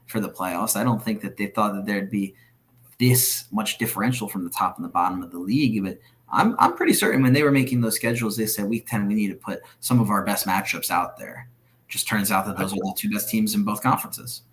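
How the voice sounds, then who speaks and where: A man's voice: fairly low pitch, a little fast, a bit bright. A man co-hosting a casual sports podcast, speaking earnestly and firmly giving his opinions. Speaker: podcast co-host.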